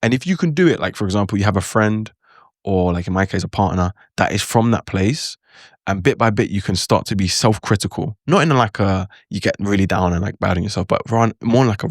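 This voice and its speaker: A man with a lowish voice chats loosely to his viewers, full of fillers and restarts. The sound is dry and close, with no room around it. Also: a little fast, no room sound. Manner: loose, rambling, with many fillers. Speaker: language-learning vlogger. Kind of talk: casual talk to camera.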